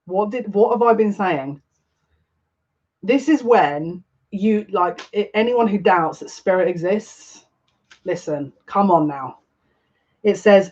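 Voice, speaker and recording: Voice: medium pitch, measured pace. A tarot reader gives a collective tarot reading, overwhelmed and emotional, often breathless and restarting sentences. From United Kingdom. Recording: slightly muffled lo-fi audio.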